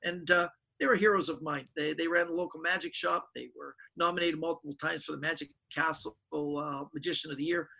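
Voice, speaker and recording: A middle-aged man, a touch husky, spins stories in a high and bright voice. He slips into the voices of people he quotes. The talk is loose and casual, like an interview. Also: brisk, few pauses, poor audio. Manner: animated storyteller acting out quoted voices. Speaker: guest magician.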